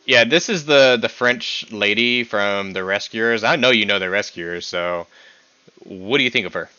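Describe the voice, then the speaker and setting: A young man hosting a casual podcast stream, teasing his guest and laughing often as his voice jumps up when excited. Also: fairly low pitch, normal speed, clear, resonant tone, no echo, muffled recording. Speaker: podcast host. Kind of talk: casual chat ranking characters with a guest.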